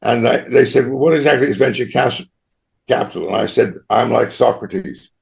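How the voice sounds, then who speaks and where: Older man from Australia, gravelly voice, mid pitch, rambling anecdotal interview guest. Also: a little fast. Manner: rambling anecdotal, frequent tag "right?". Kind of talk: storytelling interview.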